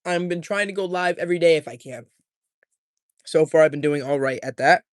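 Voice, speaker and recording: A man's voice: fairly high pitch, fairly quick, no room sound, clean studio sound. A young man chatting casually on a live stream, rambling and joking as he reads the chat aloud.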